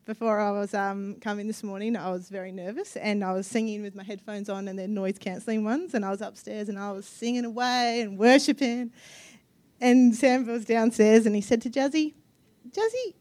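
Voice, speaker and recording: A woman in her thirties preaching a personal testimony sermon, earnest and emotional, with soft hesitations. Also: mid-range voice. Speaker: guest preacher.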